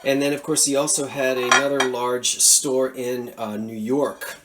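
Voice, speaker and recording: A man's voice: mid-range voice, a little slow, heavy background noise. Enthusiastic man showing antiques. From Philadelphia area. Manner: animated, enthusiastic, chatty asides. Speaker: antiques seller showing a thrift haul. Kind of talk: casual show-and-tell vlog.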